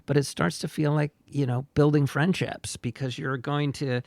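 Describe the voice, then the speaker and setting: A man's voice: a little high, fairly even intonation, normal speed, gravelly, a little mellow, dry recording. A man co-hosting a friendship podcast, talking casually and rambling with lots of fillers and restarts. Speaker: podcast co-host. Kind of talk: casual chat.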